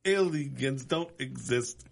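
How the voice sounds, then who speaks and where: Guy putting on a creepy alien-possessed voice, pitched up, drawn out slow and sing-songy, like cheesy sci-fi. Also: gravelly. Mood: eerie. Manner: slow, half-sung, wavering. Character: man possessed by an alien, eerie.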